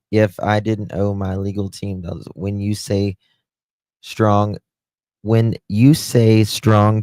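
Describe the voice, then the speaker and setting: Slow, low-voiced man chatting on a livestream. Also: dark tone, no room sound. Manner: chatty, greets viewers by name, trails off and restarts. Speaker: livestream host. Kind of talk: casual livestream commentary.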